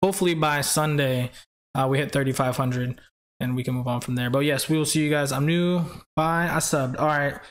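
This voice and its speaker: A man's voice: mid-range voice, fairly quick. A man hosting a game live stream in a rambling, chatty way, reading out viewer names and laughing often. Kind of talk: casual live-stream chat.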